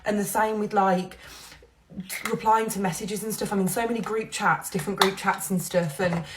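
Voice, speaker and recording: A woman's voice: medium pitch, fairly even intonation, moderate pace, a little hiss or hum. A young woman chatting candidly while doing her makeup, rambling openly about her feelings and laughing between thoughts. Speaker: social media creator. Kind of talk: confessional get-ready-with-me chat.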